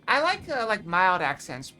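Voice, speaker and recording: Bright, chatty woman with slight Southern lilt. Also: fairly low pitch, wildly swooping pitch, moderate pace, faint music behind. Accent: slight American Southern. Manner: chatty and playful, frequent fillers, teasing the chat. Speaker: streamer. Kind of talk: casual live-stream chat while gaming.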